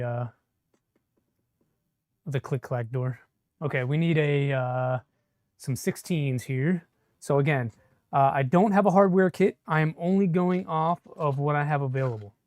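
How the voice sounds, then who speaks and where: A man's voice: mid-range voice, normal speed, a little mellow, dry recording, clean studio sound. A man chatting casually on a live stream while he assembles a 3D printer, answering viewer comments as he works. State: a bit shaky from caffeine.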